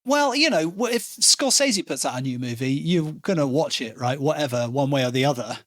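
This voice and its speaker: An animated man hosts a film podcast, talking fast and eagerly with a fairly high voice. The sound is close and dry, with no room around it. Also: dry recording. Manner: animated, excitable, swears casually. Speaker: podcast host. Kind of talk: casual chat.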